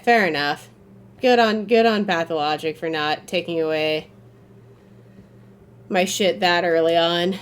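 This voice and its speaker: A woman giving gameplay commentary, excitable and swearing freely, breaking into frustrated yells, then calmly explaining in a recap. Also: lowish voice, smooth. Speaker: gaming YouTuber.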